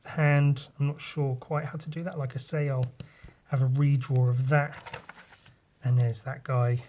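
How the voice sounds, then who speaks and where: Male podcast host, middle pitch, easygoing chat, rambling, sweary, makes sound effects. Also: little pitch movement, unhurried, darkish tone, slight background noise. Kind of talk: casual chat walking through comic pages.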